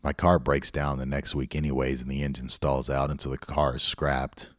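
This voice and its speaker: A man's voice: very deep voice, level tone, moderate pace, no echo, clean studio sound. A middle-aged man hosting a podcast, telling a personal story in a candid, reflective way. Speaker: podcast host. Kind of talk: storytelling monologue.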